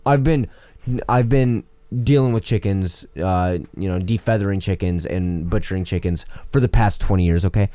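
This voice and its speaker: A man with a low, warm voice co-hosts a casual podcast. He tells lively, profane stories in a dry, close-miked sound. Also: moderate pace, hardly any pauses, dry recording. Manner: animated, profane storytelling. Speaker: podcast co-host. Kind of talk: casual chat.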